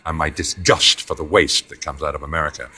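An English man in his seventies with a deep voice, rambling through long anecdotes as an interview guest. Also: steady tone, fairly quick, pushed and bright, breathy edge. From England. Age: 70s. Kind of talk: anecdotal storytelling. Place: indoors near a corridor.

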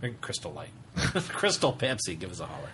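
A man's voice: sits low, wildly swooping pitch, moderate pace, background noise. A man co-hosting a podcast, trading playful banter in a casual chat. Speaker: podcast co-host.

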